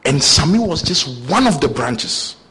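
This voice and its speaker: A man's voice: on the high side, unhurried, husky. A young man preaching a sermon, telling personal stories and acting out the voices in his dialogues. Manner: animated storytelling, acting out both sides of dialogues.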